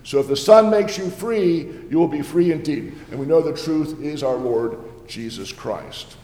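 A man's voice: on the high side, measured pace, warm tone, close to an everyday voice. An actor playing a jovial, ancient male Reformation preacher, giving an earnest, homely first-person sermon with playful asides in a church. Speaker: preacher in character. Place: church sanctuary. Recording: echoey church hall.

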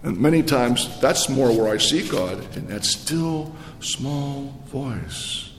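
A man's voice: mid-range voice, lively intonation, takes it slowly, slight background noise. Man preaching in an echoey hall. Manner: conversational, with repeated restarts and rhetorical questions. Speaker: pastor. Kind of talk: sermon. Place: church. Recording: echoey church hall with long reverb.

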